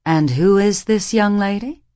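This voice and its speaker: A woman's voice: medium pitch, measured pace, warm tone, dry recording, studio quality, natural voice. A woman playing a haughty society mother. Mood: cool. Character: cold, haughty society mother in her fifties.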